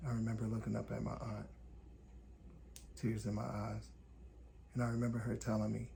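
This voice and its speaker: A man from Indiana hosting a podcast, telling a personal story in calm, deliberate, short measured phrases. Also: on the low side, gravelly, slight background noise. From Gary, Indiana, USA. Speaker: podcast host. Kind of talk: reflective personal storytelling monologue.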